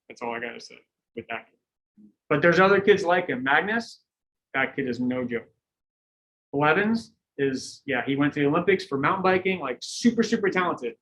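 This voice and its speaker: Middle-aged man, coach, lecture, animated storytelling, somewhat high voice. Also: low-quality recording. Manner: animated storytelling, acting out quotes, laughing. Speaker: cycling coach giving a lecture. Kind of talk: lecture with anecdotes.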